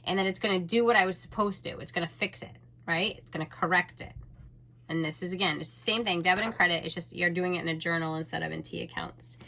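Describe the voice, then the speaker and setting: A woman's voice: lowish voice, quick pace, vocal fry, bright, forceful tone. A woman teacher recording a lesson, explaining step by step in a patient, conversational way and talking straight to her students.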